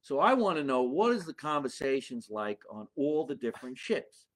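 A man from New Jersey with a New Jersey accent, hosting a comedy podcast and riffing in an animated way with quick character voices and frequent laughter. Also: medium pitch.

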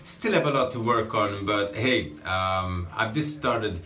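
A man's voice: fairly low pitch, measured pace, sharp tone. A man from Sweden with a Swedish accent, speaking English as a second language in a chatty, self-mocking vlog and stand-up set. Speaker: stand-up comedian. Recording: echoey, distant, noisy ambience.

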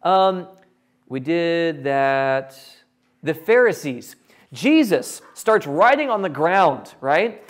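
A man preaching a sermon, animated and jokey, acting out characters in quick quotes. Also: on the high side. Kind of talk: sermon with acted Bible quotes.

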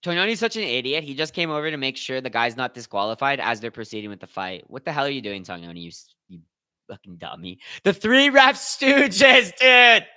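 A young man hosting a live watch party, commentating on slap fights with excitable, profane banter and shoutouts to his chat. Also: mid-range voice, fast. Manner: excitable, swears a lot, talks to chat. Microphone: headphones with mic.

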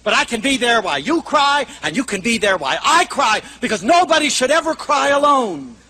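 An older man lectures with great animation, his high voice swinging widely and shouting out the quoted lines. The tone is bright and sharp, with faint noise behind the live talk. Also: sing-song, fairly quick. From United States. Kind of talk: lively motivational lecture with anecdotes.

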